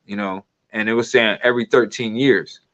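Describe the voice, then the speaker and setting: Speaking at normal speed in a steady, somewhat bright voice on the low side, a video commentator digresses loosely and laughs from time to time. It's casual rambling, recorded with dull lo-fi quality.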